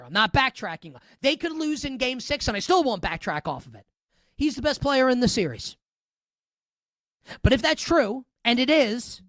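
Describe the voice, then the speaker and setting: A woman's voice: a little high, a bit bright, dry recording, studio quality. A woman hosting a sports talk radio show, giving opinionated, sarcastic, emphatic commentary. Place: radio studio.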